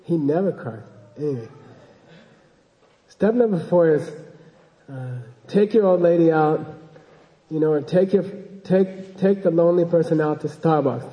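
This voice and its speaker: A man's voice: on the high side, warm tone, long reverb tail, poor audio. A man giving an informal dharma talk as a Buddhist teacher, rambling and joking and often checking in with his listeners.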